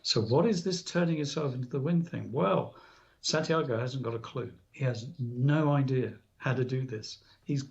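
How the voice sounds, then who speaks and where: Through dull, lo-fi radio sound, a man appearing as a guest on spiritual alchemy earnestly tells a story, quoting the dialogue. He speaks at a normal speed in a mid-range, creaky, slightly mellow voice.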